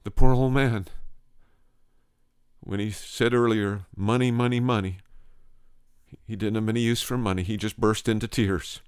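A man's voice: lowish voice, steady tone, normal speed, clear, resonant tone, no room sound, studio quality. A male preacher telling a story in a sermon, earnest, restarting phrases and repeating words for emphasis.

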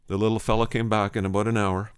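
A man's voice: on the low side, little pitch movement, quick pace, clear, resonant tone, no echo. A male preacher telling a story in a sermon, earnest, restarting phrases and repeating words for emphasis.

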